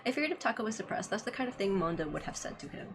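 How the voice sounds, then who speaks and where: A woman voicing an earnest, childlike computer program that talks in a polite, calm, analytical way. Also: medium pitch, racing.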